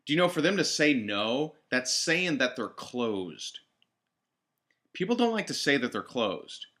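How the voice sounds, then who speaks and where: A man leads a team training session with a bright, forward tone. He coaches directly and drives his points home by repeating them. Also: mid-range voice, sing-song, a little slow. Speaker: network marketing trainer.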